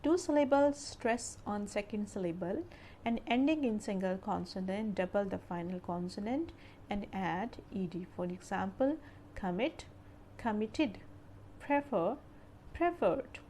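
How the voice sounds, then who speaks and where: Female teacher, measured slow grammar narration, drilling examples; light background noise. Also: medium pitch, mellow. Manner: careful, drilling word lists. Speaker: English teacher.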